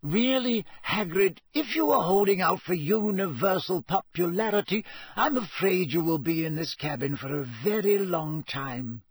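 A wise old headmaster, over sixty, speaking in measured, gently wry tones with a lively rise and fall, as a man reading the story puts him on. The voice has a husky edge, recorded close and dry. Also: high-pitched, no echo, pitched above the performer's own voice. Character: wise, elderly male headmaster, calm and wry.

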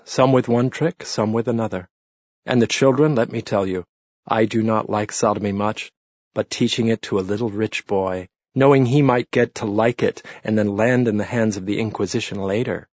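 A man's voice: on the low side, fairly even intonation, normal speed, darkish tone, no room sound, close to an everyday voice. A man voicing a defiant, blasphemous peasant assassin who taunts his captors with weary contempt, in an audiobook reading. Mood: contemptuous defiance. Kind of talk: audiobook narration. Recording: dull lo-fi dry read.

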